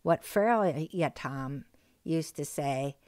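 A woman teaching a recorded language lesson, speaking slowly and patiently and repeating key words with care. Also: low-pitched, expressive, a little mellow, no room sound. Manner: slow, careful, patient delivery with repeated phrases.

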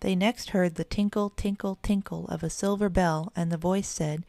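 A woman narrating a children's storybook in an even, measured reading. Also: fairly low pitch, vocal fry, no room sound, clean studio sound.

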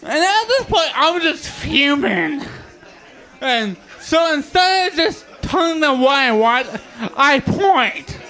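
A stand-up comedian with a speech impediment works the open mic crowd, teasing himself and his listeners. His voice sits very high and bright, and he takes his time with every line. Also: sing-song, slow. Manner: self-deprecating, joking with the crowd. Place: bar stage with live audience.

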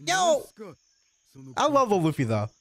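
Excitable young man, wildly swinging pitch. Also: slow, creaky, heavy background noise. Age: 20s. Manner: excitable, slangy, bursts into loud laughs. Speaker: anime reaction YouTuber. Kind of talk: casual reaction commentary.

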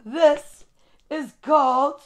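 Speaking extremely slowly with fairly even intonation, this high-voiced storytime host reads books on a casual livestream. In between, she gushes and chats, calling out viewers by name.

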